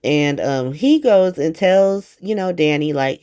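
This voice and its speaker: A woman recapping a soap opera in a casual vlog, talking in a slangy, profane, animated way. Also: low-pitched, slow pace, few pauses, clean tone.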